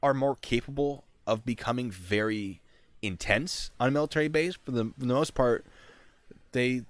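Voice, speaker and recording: A young man, a sergeant hosting a casual chat, telling stories in an animated way. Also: medium pitch, normal speed. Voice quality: animated, shouts in retold scenes. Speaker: host, army sergeant.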